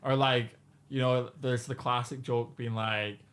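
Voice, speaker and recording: A man's voice: medium pitch, flat delivery, unhurried, fairly bright tone. A man, a podcast guest, chatting casually and acting out little bar exchanges in quotes. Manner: chatty, lots of "like" and "you know". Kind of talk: casual chat.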